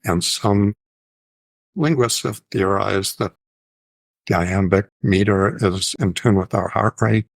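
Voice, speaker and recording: Man, gravelly voice, fairly low, measured and thoughtful, psychiatrist explaining things, dry close sound. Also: no echo. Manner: thoughtful, measured, with self-corrections; sometimes intones phrases in a sing-song rhythm. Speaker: psychiatrist host. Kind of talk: informal educational talk.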